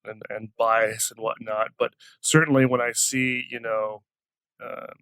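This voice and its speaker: Gravelly, hesitant male podcast host. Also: mid-range voice, little pitch movement, unhurried, sharp tone, no echo. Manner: hesitant, many fillers, thinks aloud. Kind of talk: casual interview talk.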